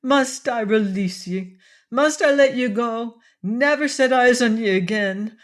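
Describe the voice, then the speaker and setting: A woman's voice: a little high, unhurried, pitched above the performer's own voice, close to an everyday voice. A woman reading an audiobook, voicing an earnest, lovesick pirate captain who pleads. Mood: pleading.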